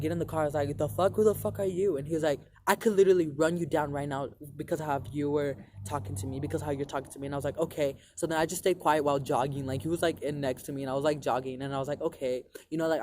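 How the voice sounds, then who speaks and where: A young man with a slightly raised voice tells a long personal story straight to his viewers. He rambles and swears, with "like" in nearly every sentence. Steady noise runs behind him. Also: a little high. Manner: rambling, profane, lots of "like" fillers. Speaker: vlogger. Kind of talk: casual storytelling to camera.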